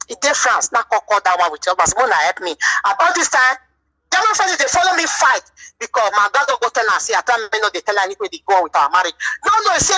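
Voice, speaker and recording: Fast high-voiced Nigerian Pidgin woman. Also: sharp tone, poor audio. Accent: Nigerian Pidgin English. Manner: aggrieved, rapid storytelling with repetitions. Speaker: vlogger. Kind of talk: monologue telling a personal grievance.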